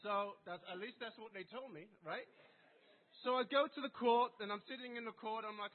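A man's voice: sits high, moderate pace. A man preaching a sermon, telling a personal story in a conversational way and checking in with listeners. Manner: conversational, asks listeners "right?". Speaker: pastor. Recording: tinny phone-like sound.

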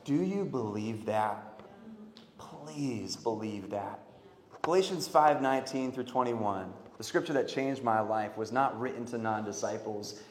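A man preaching a sermon, swinging from loud emphatic calls to quiet earnest pleas. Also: mid-range voice, animated, unhurried. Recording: echoey hall.

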